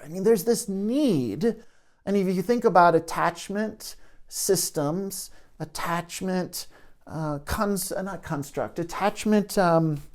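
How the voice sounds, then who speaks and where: A man speaking as a therapist in an educational talk to camera, reflective and searching for his words as he goes. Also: fairly high pitch.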